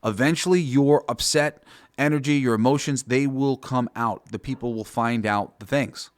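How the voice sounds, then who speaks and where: A man's voice: medium pitch, moderate pace. A man hosting a podcast, talking through an idea in a rambling, casual monologue full of swearing and fillers. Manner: rambling, profane, with many fillers. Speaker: podcast host.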